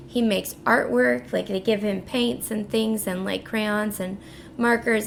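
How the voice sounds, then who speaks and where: Female podcast co-host, mid-pitched gravelly voice, relaxed summarizing, faint noise behind. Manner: relaxed summarizing with light laughs. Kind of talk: casual book podcast chat.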